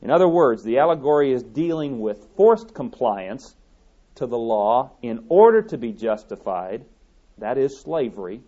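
A man's voice: medium pitch, big pitch swings, normal speed, mellow. A man preaching a sermon, emphatic and repeating his key points, reading scripture aloud as he argues. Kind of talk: sermon teaching from a recorded tape. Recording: dull lo-fi tape recording.

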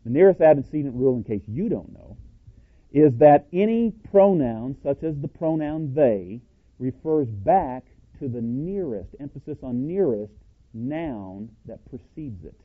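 A man's voice: mid-range voice, animated, moderate pace. Plain-spoken man preaching over tinny audio. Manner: emphatic, quizzes listeners with rhetorical questions; self-described cowboy, plain-spoken. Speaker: Bible teacher. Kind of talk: scripture-based sermon teaching.

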